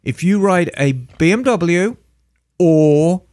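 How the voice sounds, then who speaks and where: Animated man giving emphatic advice. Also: sits high, slow. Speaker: podcast co-host. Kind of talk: casual chat and advice.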